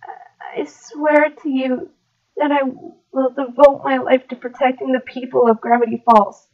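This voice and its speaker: A woman's voice: high-pitched, little pitch movement, brisk. Guilt-wracked older brother, woman voicing, tearful and strained, muffled fan drama. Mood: grieving. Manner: tearful, repeated apologies. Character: remorseful teenage older brother, grief-stricken.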